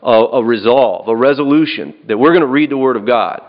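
A man's voice: mid-range voice, fairly quick. A man preaching a sermon in an earnest way, often repeating and restarting his phrases and checking in with "right?". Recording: dull lo-fi recording.

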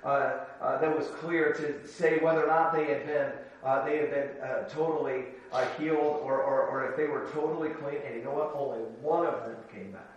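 A man preaching a sermon, moving from soft asides to shouted exclamations, telling stories with humor. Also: a little high, steady tone, normal speed, few pauses, highs cut off. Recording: echoey hall, from far off.

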